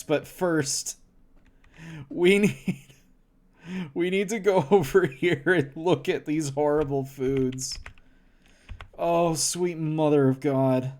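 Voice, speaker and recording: A man streaming casually, laughing often and reacting to things with loud mock horror and swearing. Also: a little high. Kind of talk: casual livestream chat.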